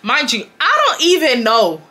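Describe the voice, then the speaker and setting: A young woman from the United States telling a casual storytime to her viewers, animated, slangy and profane. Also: high voice, measured pace, slightly rough. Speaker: storytime vlogger.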